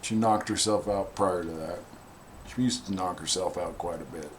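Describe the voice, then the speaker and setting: A man casually telling a funny personal story in a wry, animated way, acting out the other people's lines. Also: low voice, moderate pace, slight background noise. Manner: wry, animated, acts out quoted voices.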